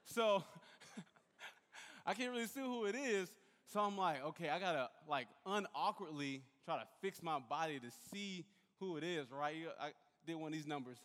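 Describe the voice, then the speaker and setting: A young man giving a sermon, telling a lively personal story and acting out the voices of the people in it. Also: fairly high pitch, moderate pace. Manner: animated storyteller, acts out voices and shouts. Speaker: youth pastor. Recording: long hall reverb.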